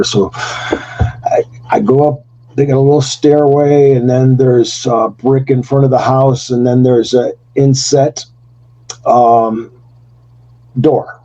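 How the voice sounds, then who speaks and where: An older retired wrestler telling a story in an interview, acting out the voices in it and laughing often. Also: male voice, fairly even intonation, slow, long pauses, mellow, lo-fi sound. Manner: acts out quotes with jumps in pitch, laughs often. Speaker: retired pro wrestler, guest.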